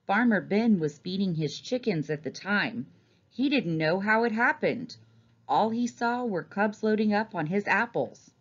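A teacher reading a storybook aloud in a gentle, expressive manner. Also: female voice, mid-range voice, measured pace, dull audio.

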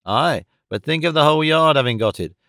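A man's voice: a little high, animated, sharp tone, dry recording, clean studio sound. A man voicing a blunt, snorting male rent collector who speaks in short, emphatic bursts. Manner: terse, brisk and emphatic.

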